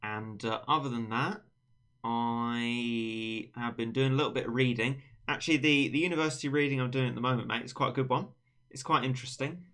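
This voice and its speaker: A man's voice: medium pitch, steady tone, fairly quick, a bit bright. A young man hosting a casual livestream chat, rambling and teasing his friend in a playful way. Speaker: livestream host.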